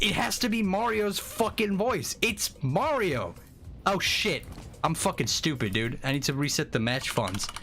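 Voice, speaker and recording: Excitable, swearing male game streamer. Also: high-pitched, slight background noise. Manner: excitable, profane, rambling. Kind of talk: casual live-stream chat. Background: faint music.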